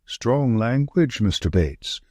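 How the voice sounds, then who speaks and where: Male reader as confident detective, brisk and probing, husky tone. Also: mid-range voice, dry recording. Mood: dry. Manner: brisk, probing, lively questioning. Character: sharp, confident male detective, middle-aged.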